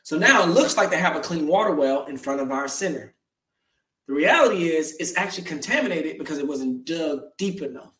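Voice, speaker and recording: A man's voice: fairly high pitch, expressive, fairly quick, sharp tone. A man who is a faith-based life coach, speaking as a guest in an emphatic, preachy storytelling way. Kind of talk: casual conversational interview. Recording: roomy, slightly distant sound.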